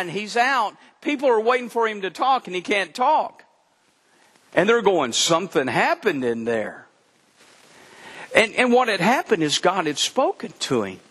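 A man preaching a sermon as pastor, animated and acting out the Bible dialogue. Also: sits high, breathy edge. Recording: long hall reverb.

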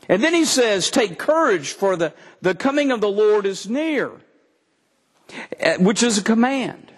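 A man's voice: extremely high pitch, very animated, normal speed, long reverb tail. A man from Texas, preaching a sermon, reading scripture and explaining it with humor. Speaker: pastor.

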